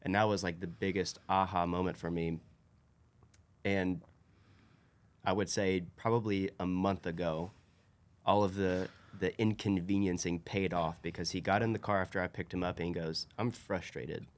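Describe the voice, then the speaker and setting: Low-voiced man telling a story. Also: moderate pace. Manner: storytelling, animated when quoting others. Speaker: podcast co-host. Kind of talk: casual podcast chat.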